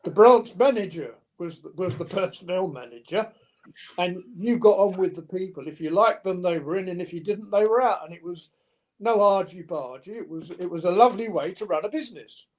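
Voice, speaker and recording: Older man, high animated storyteller. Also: a little fast. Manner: anecdotal, animated, with mimicked dialogue. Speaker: podcast guest. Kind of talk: storytelling interview.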